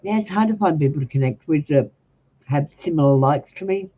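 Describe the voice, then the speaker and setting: A woman's voice: low voice, animated, a little fast, warm tone, lo-fi sound, slight background noise. An Australian woman reading tarot cards on a live stream, chatting bluntly and casually with viewers in a practiced announcer-style delivery. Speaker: tarot reader.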